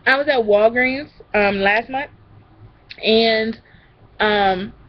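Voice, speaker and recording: A woman's voice: on the high side, slow pace, dull audio. A young woman telling rambling stories in a casual vlog, drifting from one tangent to the next. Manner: chatty, rambling, goes off on tangents. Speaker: vlogger.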